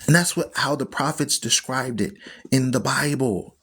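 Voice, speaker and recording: A man's voice: medium pitch, normal speed, fairly bright tone, husky. A man hosting an online Bible radio show, teaching scripture in an emphatic, preachy way and repeating phrases for stress. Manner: preachy, argues with viewers.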